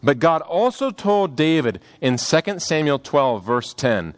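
On the high side, this man's voice carries an earnest, expressive sermon about a scripture passage. He lifts it for emphasis and drops it to slow, hushed phrasing.

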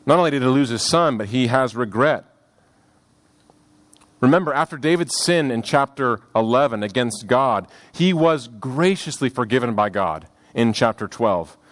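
A man preaching a sermon on a scripture passage, earnest and expressive, rising for emphasis and dropping to hushed, slow phrases. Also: medium pitch.

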